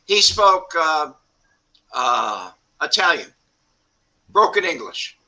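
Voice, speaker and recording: A man who is a guest on an interview show, telling stories casually in a halting way, with restarts and small laughs. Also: fairly high pitch, big pitch swings, bright, forceful tone, low-quality recording.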